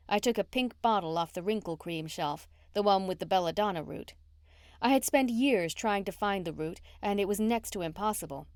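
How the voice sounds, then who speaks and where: A woman narrating a cozy mystery audiobook in the first person, in a steady storytelling manner. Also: medium pitch, normal speed, no room sound, clean studio sound.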